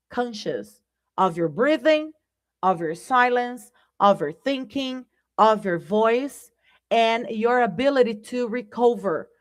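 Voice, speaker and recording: Slow-talking Brazilian woman teaching English. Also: fairly high pitch. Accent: Brazilian Portuguese. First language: Portuguese. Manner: conversational, addresses viewers as "guys", keeps asking "right?". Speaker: English teacher hosting a live class. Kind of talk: live-streamed language lesson.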